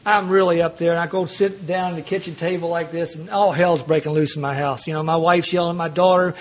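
A man's voice: on the high side, fairly even intonation, quick pace. A man speaking to a recovery meeting, telling his own story with humor and acting out the lines of the people in it. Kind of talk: personal recovery story told to a group.

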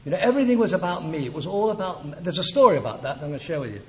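A man sharing his personal testimony at a recovery meeting, reflective and earnest, slowing down on his key words. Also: on the high side, big pitch swings, fairly bright tone.

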